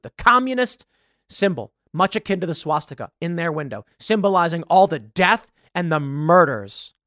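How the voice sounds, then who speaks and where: A man's voice: fairly high pitch, a bit bright, no echo, studio quality. A man hosting a political commentary monologue, talking in an emphatic, argumentative way and correcting himself as he goes. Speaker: host.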